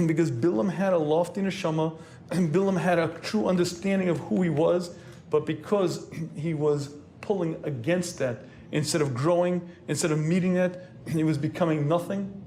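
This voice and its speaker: A rabbi delivers a sermon, a man with a somewhat high voice speaking in an earnest, lecturing way. He clears his throat often between phrases. Faint noise sits under the recording. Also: normal speed, mellow.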